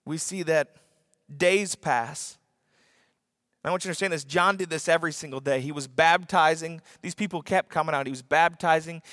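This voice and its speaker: A man preaching a sermon as a pastor, telling a story with lively acted-out voices and sudden shouts for emphasis. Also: high-pitched, no room sound, clean studio sound, in a large hall.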